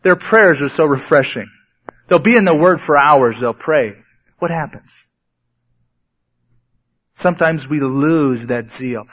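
A man delivers a sermon from the pulpit, speaking in a somewhat high voice. He talks conversationally and grows animated at times. The recording sounds dull and lo-fi. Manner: conversational preaching, sometimes animated. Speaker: pastor.

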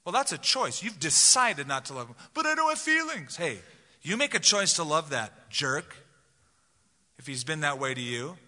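A male pastor delivers a sermon in a casual, conversational way and slips into quoted voices. His voice sits a bit high and sounds tense and piercing. Long reverb from a big sanctuary trails each phrase. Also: expressive, normal speed, pushed and bright. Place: large church sanctuary.

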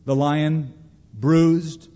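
A man's voice: fairly high pitch, steady tone, extremely slow, mellow. A man preaching a sermon as pastor, emphatic storytelling and quoting scripture. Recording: reverberant, dull lo-fi hall recording.

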